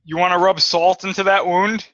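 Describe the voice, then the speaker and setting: A man's voice: high-pitched, little pitch movement, normal speed, pushed and bright, no room sound. A man chatting casually on a podcast, teasing the others. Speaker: podcast co-host. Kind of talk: casual chat. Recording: dull, dry mic sound.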